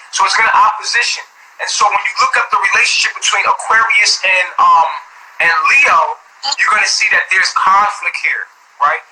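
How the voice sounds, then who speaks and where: A man giving a casual astrology reading, lecturing in a streetwise, profane way. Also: sits high. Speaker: astrology reader. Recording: noisy background hiss.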